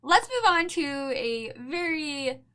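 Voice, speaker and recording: Jersey girl cohost, bubbly, high voice, laughs a lot. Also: slow pace. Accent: New Jersey. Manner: bubbly, laughs often, animated. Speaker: podcast co-host. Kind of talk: casual chat recap.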